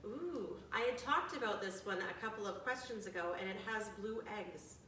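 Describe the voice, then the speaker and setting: A woman's voice: medium pitch, expressive, sharp tone, a little hiss or hum. Chatty woman hosting a quiz, echoey room. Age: 40s. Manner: friendly, chatty, reads questions slowly. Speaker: activity leader. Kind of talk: bird trivia quiz for seniors. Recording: echoey room, from a distant mic.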